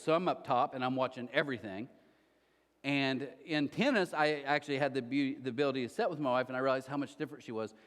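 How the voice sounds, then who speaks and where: A man in his forties preaching a sermon in a church auditorium, telling stories in an animated way and acting out the quotes. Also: medium pitch, long reverb tail. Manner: animated storytelling, acts out quotes. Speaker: pastor.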